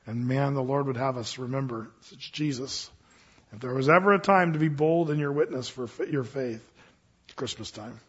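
A man preaching a sermon to his congregation, telling a story in an earnest, animated way. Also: mid-range voice, normal speed, husky, dull audio. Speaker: pastor.

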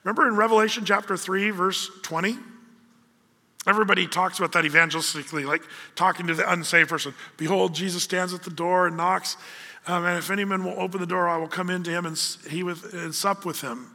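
A male pastor delivers a sermon in a lively storytelling manner, slipping into the voices of his characters. His voice sits high and very bright. A long hall reverb trails each phrase. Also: quick pace. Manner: animated storyteller acting out voices.

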